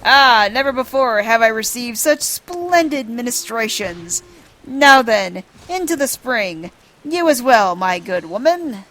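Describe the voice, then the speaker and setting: Woman putting on a pompous dramatic gentleman. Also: a little high, lively intonation, a little slow, voice pushed up. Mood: melodramatic. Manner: grandiose, melodramatic, overblown delivery. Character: pompous theatrical male gentleman adventurer.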